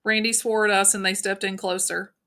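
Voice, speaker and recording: A woman reading a novel aloud in an even, unhurried narration with small slips. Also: mid-range voice, clean tone. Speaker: audiobook narrator.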